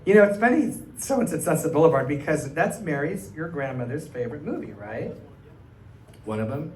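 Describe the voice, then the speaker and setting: A man's voice: on the high side, a little fast, recorded from a distance. Chatty man telling stories on stage. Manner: animated, chatty, acts out the people in his stories. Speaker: cabaret singer and storyteller. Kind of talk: live stage anecdote to an audience. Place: small arts venue stage, live audience. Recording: roomy live stage sound, faint room noise.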